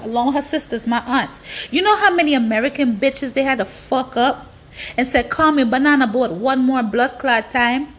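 A woman delivering a blunt, profane ranting monologue, hammering points with repetition. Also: a little high. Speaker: social media commentator.

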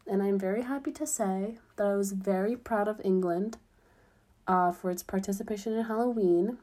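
A woman's voice: mid-range voice, moderate pace, mellow. A young woman, chatting casually in a vlog, full of fillers and upbeat. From United States. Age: young adult. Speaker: student abroad.

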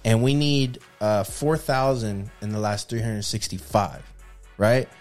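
A man's voice: lowish voice, a little slow, a little mellow, faint music behind. A man co-hosting a podcast, chatting casually in a rambling, slang-heavy way. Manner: laid-back, slangy, rambling. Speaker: podcast co-host. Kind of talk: casual chat.

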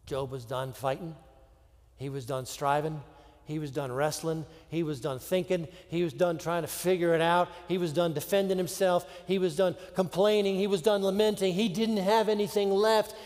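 Man, sermon, higher voice, dramatic pauses, hushed drops, long hall reverb. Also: fairly even intonation. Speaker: pastor.

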